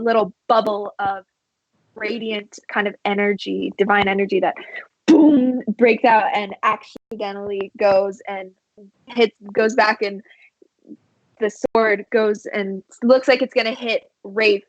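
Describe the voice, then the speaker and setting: A woman narrating a tabletop game as game master, unhurried and halting, with many fillers. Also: medium pitch, no echo, muffled recording.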